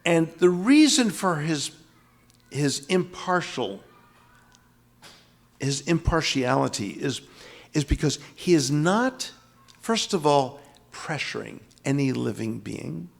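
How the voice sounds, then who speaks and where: A man's voice: a little high, big pitch swings, slow, creaky, long pauses. An older man from the US East Coast giving an emphatic, dramatic lecture on scripture, repeating key phrases for weight. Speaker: spiritual teacher.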